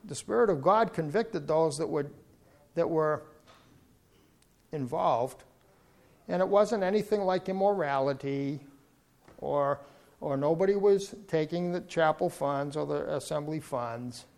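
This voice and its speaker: A male preacher with a notably high voice delivers a sermon. He tells his story earnestly and builds to fervent, emphatic appeals. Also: a little slow, vocal fry, pauses often, a little mellow.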